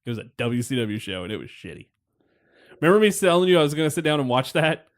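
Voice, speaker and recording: A man's voice: a little high, big pitch swings, fast. A man hosting a podcast, rambling through a wrestling match recap in casual chat, wry and laughing, with the odd swear. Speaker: podcast host.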